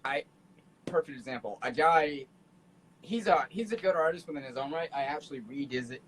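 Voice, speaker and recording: A young man talking as a guest on a casual podcast, outgoing and animated, laughing often. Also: fairly high pitch, normal speed, husky, poor audio. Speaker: guest artist.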